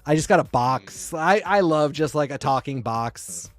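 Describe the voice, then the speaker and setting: A man's voice: on the high side, animated, a little slow, faint music behind. A man co-hosting a casual comic book podcast, laid-back and laughing, with many fillers. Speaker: podcast co-host. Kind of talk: casual chat.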